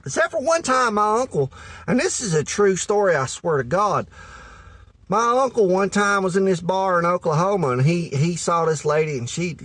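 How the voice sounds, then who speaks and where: A man's voice: a little high, a bit bright, dry recording. A man playing a folksy Southern good ol' boy with a Southern US accent, rambling through dating advice in a comedic monologue. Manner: rambling, folksy, full of "you know".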